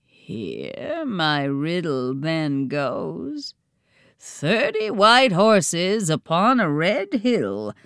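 A woman voicing a disembodied, throaty forest spirit who speaks in riddles in a slow, half-mocking manner. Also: lowish voice, huge pitch swings, creaky, a bit bright, smooth, no room sound, studio quality, full character voice.

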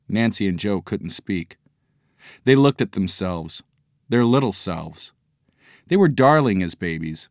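Low-voiced male audiobook narrator. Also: expressive, measured pace, long pauses, no room sound, studio quality.

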